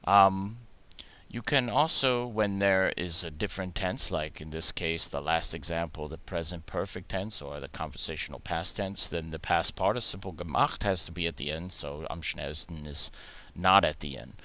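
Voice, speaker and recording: A man teaching German grammar in a recorded lesson, methodically explaining forms and slowing down to model the German words. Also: sits low, bright, forceful tone.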